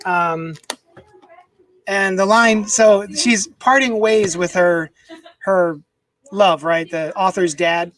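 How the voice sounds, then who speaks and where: A man's voice: high-pitched, steady tone, slow pace, pauses often, fairly bright tone, poor audio. A man casually chatting on a live stream from his home desk, rambling and reading viewer comments aloud into a desk microphone. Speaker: comics unboxing streamer.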